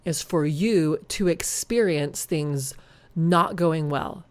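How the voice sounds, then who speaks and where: A woman's voice: low-pitched, takes it slowly. Podcast lady telling her own story, earnest and reflective, perks up now and then. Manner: reflective, earnest, animated when retelling. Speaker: podcast host. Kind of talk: personal storytelling monologue.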